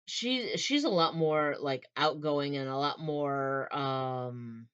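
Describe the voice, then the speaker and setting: A woman with a deep, slow, slightly bright voice, clear and resonant despite a muffled recording, chats about a novel's characters as a book reviewer. She rambles with plenty of fillers and restarts and retells scenes using quoted voices.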